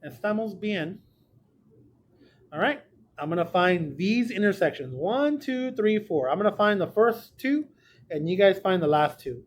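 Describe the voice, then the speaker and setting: High-voiced, chatty math teacher. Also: male voice, lively intonation, measured pace. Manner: chatty, jokey, talks to students directly. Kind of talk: recorded classroom lesson. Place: small room.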